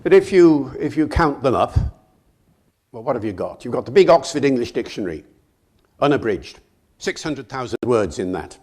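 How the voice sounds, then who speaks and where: Lively, joking male guest lecturer. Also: medium pitch, moderate pace. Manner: lively, humorous, quizzes the audience. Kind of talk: public lecture to a live audience. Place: lecture hall in Liverpool.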